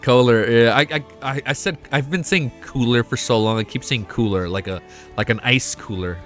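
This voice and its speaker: A young man streaming a casual reaction, excitable and swearing often, laughing between remarks. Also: mid-range voice, moderate pace, faint music behind. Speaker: streamer reacting to a web novel. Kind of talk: casual live reaction chat.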